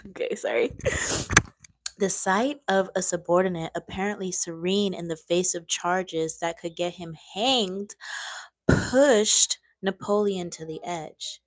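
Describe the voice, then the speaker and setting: A woman's voice: on the low side, takes it slowly, no echo. A young woman reading a book aloud on a live stream, breaking off now and then to chat with viewers.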